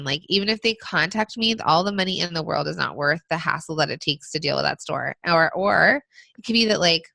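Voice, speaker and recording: A woman co-hosting a business podcast, giving casual advice with lots of fillers, her voice still rough from being sick. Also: low voice, sharp tone, dry recording. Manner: conversational, frequent fillers. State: recovering from illness. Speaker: podcast co-host.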